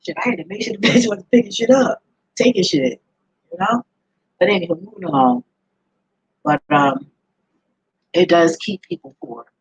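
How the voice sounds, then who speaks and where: A woman's voice: a little high, expressive, normal speed, creaky, pauses often, husky, no room sound, rough recording. A woman ranting to camera in a blunt, profane way, often laughing as she talks. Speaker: vlogger. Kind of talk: casual ranting monologue to camera.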